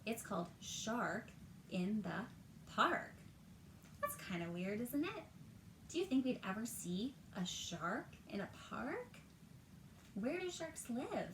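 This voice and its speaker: A woman's voice: mid-range voice, roomy sound, a little hiss or hum, poor audio. A woman teacher reading a picture book aloud to young children at home, drawing out words and asking them questions. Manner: animated, drawn-out words, talks to children. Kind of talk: storytime read-aloud. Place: at home, roomy indoor space.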